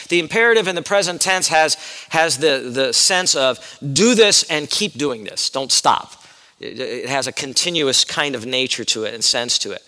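A man's voice: a little high, bright, forceful tone, long reverb tail. A male pastor giving an earnest expository sermon, explaining Greek words and asking his congregation questions.

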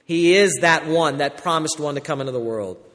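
Male pastor, fairly high voice, preaching with a long hall reverb; moves between urgent and hushed. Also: fairly quick. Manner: swings from loud urgent preaching to quiet intimate tones. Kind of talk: sermon.

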